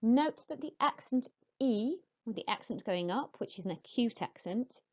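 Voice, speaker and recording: A woman teaching French to young pupils, modelling each word slowly and clearly and explaining in patient, encouraging teacher talk. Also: on the high side, lively intonation, highs cut off. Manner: slow, clear modelling of words for pupils to repeat. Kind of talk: recorded classroom lesson.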